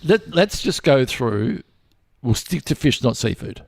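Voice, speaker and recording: Gravelly, lively man chatting. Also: medium pitch, a little slow, dry recording. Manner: rambling, jokey, stumbling restarts. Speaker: podcast co-host. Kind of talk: casual comedic chat.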